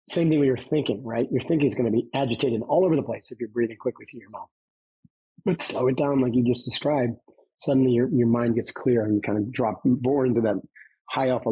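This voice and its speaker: A man's voice: mid-range voice, slightly rough, muffled recording. A man speaking as a podcast guest, a former Navy SEAL, telling his story in an emphatic coaching tone and often checking in with "right?". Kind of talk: conversational storytelling.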